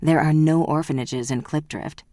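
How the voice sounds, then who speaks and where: A woman doing a stiff flustered housekeeper, middle-aged widow, storybook figure, very deep voice, dry sound. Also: steady tone, normal speed, dark tone, no room sound, lightly acted.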